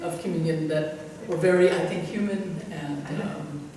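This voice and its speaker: A woman's voice: low voice, normal speed, hardly any pauses. An older woman pastor telling church anecdotes in a rambling, chuckling way, full of fillers. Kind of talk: anecdotal storytelling in conversation. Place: church hall. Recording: echoey hall from far off with faint noise.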